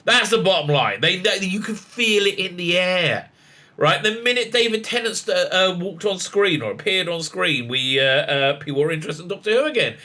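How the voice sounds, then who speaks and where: A man, rambling excitably through a casual commentary vlog with many fillers and restarts. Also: high-pitched, moderate pace. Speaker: rabbi and online commentator.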